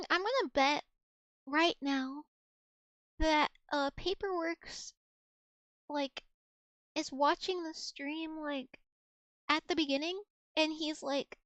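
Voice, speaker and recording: A young VTuber streamer with a very high, fairly bright voice chats casually on a live stream from home, close on a desk mic. She coos fondly at her cat and rambles with small restarts. The sound is dry and close with no room echo, though the recording is muffled.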